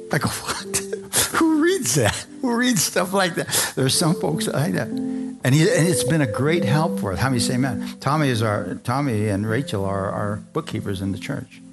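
A pastor preaching a sermon, slowing down to stress phrases and calling for amens from his congregation. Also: medium pitch. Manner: emphatic, slows down to stress lines, calls for amens.

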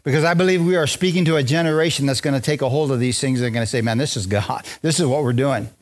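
A man preaching a lively, joking sermon in a church, drawing responses from the congregation. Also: medium pitch, quick pace. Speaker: pastor. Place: church sanctuary.

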